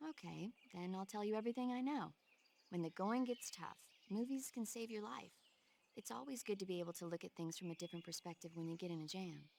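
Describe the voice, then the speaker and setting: A woman's voice at a middling pitch: an actress playing a cheerful young radio supporter in a game who never stops talking about films. She sounds chatty and keen, with faint noise underneath. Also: brisk, vocal fry, a little mellow, lightly acted. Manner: chatty, enthusiastic about movies. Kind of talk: game cutscene dialogue.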